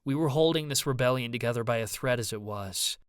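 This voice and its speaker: A man's voice: mid-range voice, fairly quick, smooth, no echo, studio quality. A man narrating an audiobook in first person, with a brooding, introspective manner.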